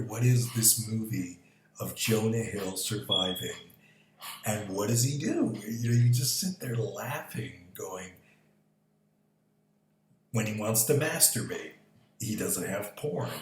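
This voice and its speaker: A man's voice: fairly low pitch, a little mellow. A man rambling casually in a vlog, swearing freely and chuckling at his own ideas. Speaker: vlogger. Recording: echoey room with faint background noise.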